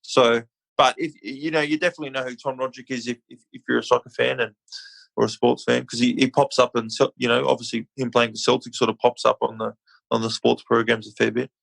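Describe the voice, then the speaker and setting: A laid-back Australian man talks through a podcast interview in a relaxed, chatty way, often dropping in "mate". His voice is gravelly with a fair bit of fry, sitting in an ordinary middle pitch. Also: fast, poor audio. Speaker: guest, retired rugby league player. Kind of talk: casual interview chat.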